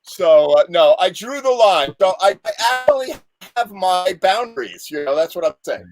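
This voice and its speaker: A man's voice: high-pitched, wildly swooping pitch, normal speed, a little mellow. A man telling a long, rambling story in casual chat on a live show, full of restarts.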